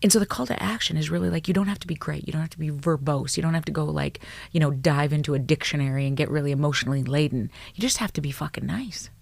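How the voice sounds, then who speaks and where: A woman, a psychologist guest on a podcast, telling stories in an animated, blunt way, swearing freely and dropping to a hushed tone at tender moments. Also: deep voice, fast, creaky, few pauses, no room sound. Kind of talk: storytelling in a podcast interview.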